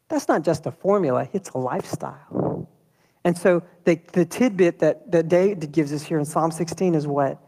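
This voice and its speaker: A man preaching a sermon in a church, talking in a lively, conversational way and throwing rhetorical questions at the congregation. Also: fairly high pitch, normal speed, gravelly, big-room sound. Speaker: pastor.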